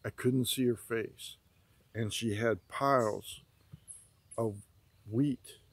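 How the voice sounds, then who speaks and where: A man's voice: medium pitch, fairly even intonation, takes it slowly, husky. A man earnestly recounting a prophetic dream in vivid detail, ending in an urgent, preaching warning. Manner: vivid storytelling with many repetitions. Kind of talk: earnest spoken testimony.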